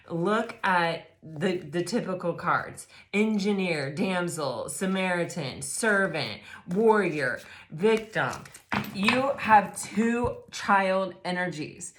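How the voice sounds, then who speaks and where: An excitable woman reads tarot cards for her viewers, gushing and breaking into exclamations as she goes. Her voice sits fairly low, and the room around her rings with echo. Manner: gushing, excitable, lots of fillers and "oh my gosh". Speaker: tarot reader. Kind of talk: casual tarot reading to camera.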